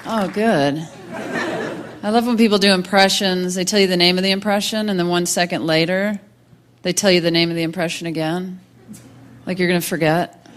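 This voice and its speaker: A woman doing a stand-up comedy set with slow, dry, deadpan delivery and long pauses. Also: lowish voice. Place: comedy stage before a laughing crowd. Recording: crowd laughter and room noise.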